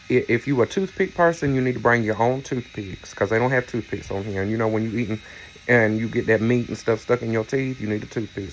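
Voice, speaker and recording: A man's voice: medium pitch, slight background noise. A man, chatting casually to his viewers in a rambling, storytelling way with playful teasing asides. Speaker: vlogger. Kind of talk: casual chat to camera.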